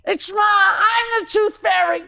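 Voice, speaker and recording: A woman voicing her frantic, worn-out mother, shouting high and near tears. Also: steady tone, unhurried, creaky, very noisy, heavily acted. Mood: frantic shrieking. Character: frantic exhausted mother, middle-aged woman, shrieking.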